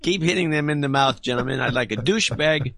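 A man's voice: mid-range voice, quick pace, gravelly, crowd noise. A man co-hosting a podcast, reading listener donations aloud with dry, wry asides in casual chat.

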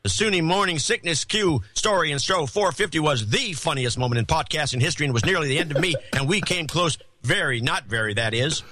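A man's voice: sharp tone, no room sound. A man doing a Southern race announcer. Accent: put-on American Southern. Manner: booming announcer delivery.

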